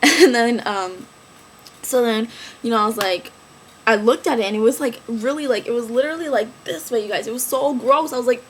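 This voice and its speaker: A woman's voice: on the high side, quick pace, a little hiss or hum. A young woman on crutches telling the story of an accident in a casual vlog, chatty and full of fillers. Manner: chatty, filler-heavy, animated retelling. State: injured, on crutches. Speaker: vlogger.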